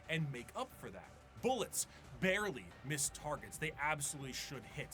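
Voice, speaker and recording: A man narrates a scripted explainer video, his tone bright and a little sharp. His pitch rises and falls freely as he lays things out in a measured, wry way. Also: big pitch swings, soft background music.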